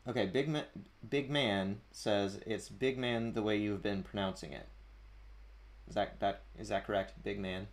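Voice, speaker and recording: Male streamer, low-pitched, casual chatty host reading comments into a desk mic. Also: measured pace. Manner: chatty, chuckling, reads usernames aloud. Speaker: livestream host. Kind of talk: casual livestream chat, reading chat aloud. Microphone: desk mic at a streaming setup.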